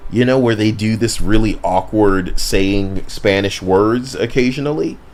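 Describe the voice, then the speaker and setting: A man's voice: on the low side, unhurried, a little mellow. A young man casually commenting on a game stream, rambling and talking to his chat. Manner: rambling, apologetic, talks to chat.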